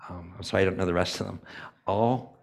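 A church elder preaches in a loose, conversational way and slips into the voices of the people he describes. His voice is low and gravelly, with a husky edge. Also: steady tone, a little fast. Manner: conversational preaching, acts out characters' thoughts, apologetic asides. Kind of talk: sermon.

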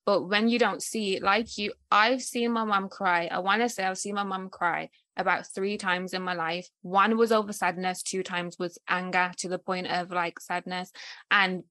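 Podcast host: reflective, thoughtful woman, mid pitch, dry close recording. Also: fairly even intonation, moderate pace, pushed and bright, no echo. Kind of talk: casual podcast conversation.

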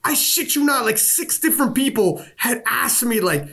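Animated, husky-voiced man telling stories. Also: very high voice, moderate pace. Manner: animated storytelling with profanity and voiced quotes. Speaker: podcast co-host. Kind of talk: casual sports podcast chat.

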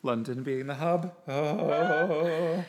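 A man's voice: mid-range voice, a little fast, heavy background noise. A man in his twenties co-hosting a podcast, chatting casually with a wry, self-mocking manner. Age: 20s. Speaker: podcast co-host. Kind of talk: casual chat.

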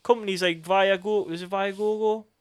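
A man with a Geordie accent co-hosts a podcast, his voice sitting high with a steady tone and moderate pace. The casual chat is full of joking, sweary, rambling banter.

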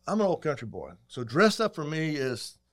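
A middle-aged man, a guest telling folksy, animated stories in casual chat. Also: a little high, normal speed. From Texas. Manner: folksy, animated, acts out quotes. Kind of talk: casual storytelling.

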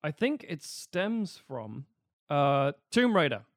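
A man's voice: on the high side, sing-song, takes it slowly, dry recording, studio quality. A man co-hosting a casual film chat, rambling and swearing as he talks through examples.

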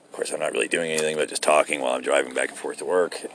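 A man's voice: extremely low pitch, fairly even intonation, very fast, creaky, noisy background. A man hosting a solo podcast from his car as he drives, delivering a profane, rambling, sarcastic rant. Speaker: podcast host. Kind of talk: ranting solo podcast while driving. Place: car while driving.

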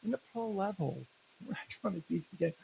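Gravelly, animated man ranting about baseball. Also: high-pitched, brisk, slight background noise, low-quality recording. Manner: animated, laughs often, jokey rants. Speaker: podcast co-host. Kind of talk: casual sports chat.

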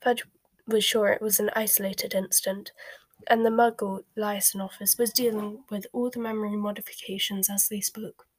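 A woman reading a storybook aloud as narrator, mostly in a soft, unvoiced whisper. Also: mid-range voice, flat delivery, normal speed, no room sound.

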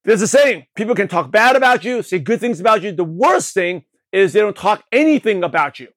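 Man, high voice, slight lisp, motivational coach, energetic, keeps asking "right?", dry room. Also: brisk, dry recording. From Brooklyn, New York. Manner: energetic, repetitive, asks the listener questions. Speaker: podcast host, network marketing coach. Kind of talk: motivational talk.

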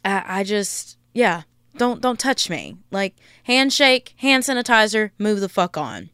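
A young woman hosting a podcast, telling a story in a blunt, profane, animated rant. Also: medium pitch, a little slow, clean tone, dry recording, studio quality. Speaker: podcast host.

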